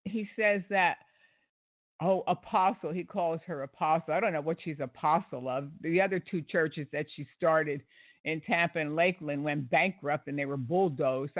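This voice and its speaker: A man hosts an online show and delivers critical commentary in a fairly high voice. He talks in an indignant, sarcastic way, with frequent ums and restarts. The sound is dry and thin, like a phone line. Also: no echo. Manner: indignant, sarcastic, many fillers.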